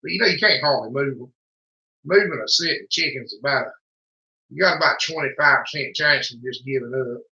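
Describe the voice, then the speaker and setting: Co-hosting a livestream, a man with a Southern US accent tells folksy stories in casual chat, drawling as he goes. His medium-pitched voice is sharp in tone and a little fast, heard in an echoey room with dull lo-fi sound.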